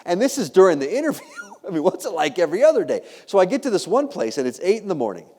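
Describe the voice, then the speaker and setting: A man in his thirties giving a humorous storytelling keynote, animated and self-deprecating, teasing the audience with questions. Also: sits high, fast. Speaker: keynote speaker. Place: large hall. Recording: long reverb of a large hall.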